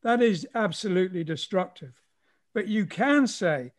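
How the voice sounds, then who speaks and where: A man with a notably high voice talks at length in a relaxed conversational tone. He explains ideas thoughtfully, as a teacher would to a curious listener. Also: a little slow.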